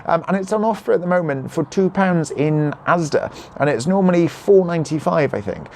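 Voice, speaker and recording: A young man chatting casually on a live stream, reading out viewer comments and answering questions in a slightly croaky voice. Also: a little high, expressive, a little fast, darkish tone, slight background noise. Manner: chatty, reads out comments, jokes and apologises. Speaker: vlogger answering live chat. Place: at home, neighbours nearby.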